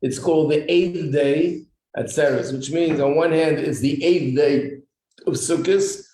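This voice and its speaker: A man's voice: a little high, measured pace, mellow. A man teaching an informal religious class, explaining customs and asking the class questions. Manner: explanatory, asks the class questions, clears throat often. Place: echoey room with a small class. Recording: roomy echo, faint noise.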